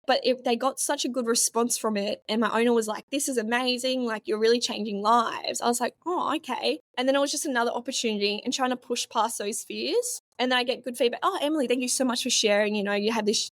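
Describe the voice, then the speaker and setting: A woman's voice: a little high, fast talker, few pauses, no echo, clean studio sound. A young woman in her twenties, a pharmacist guest telling a personal story in an interview, earnest and open. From Australia. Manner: earnest, open, emotional at times.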